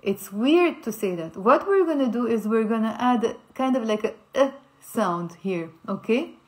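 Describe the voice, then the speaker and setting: A woman's voice: fairly high pitch, expressive, moderate pace. A woman teaching a language lesson, patiently spelling out sounds and checking in with "okay?". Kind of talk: language lesson explaining pronunciation.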